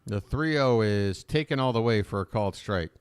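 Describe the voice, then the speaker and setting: A man calling live baseball play-by-play as a fan commentator, chatty and opinionated between pitches. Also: expressive, moderate pace, clean tone, dry recording.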